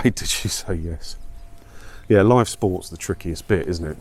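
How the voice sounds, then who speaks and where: A man's voice: sits low, very animated, brisk, a little mellow. A man talking in a rambling, chatty, self-mocking way while walking outdoors for his vlog. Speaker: vlogger. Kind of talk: casual walking vlog chat.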